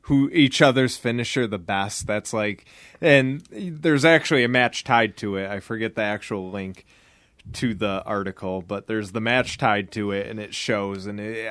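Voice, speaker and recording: A man's voice: mid-range voice, a bit bright, no room sound. A man in casual, profane podcast chat who laughs often and recalls things at length. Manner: laughs often, drawn-out swearing recollections. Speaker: podcast guest or co-host.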